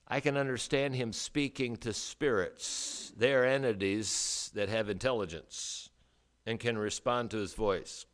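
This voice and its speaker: A man preaching a sermon as a pastor, emphatic, with rhetorical questions and dramatic pauses. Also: mid-range voice, a bit bright.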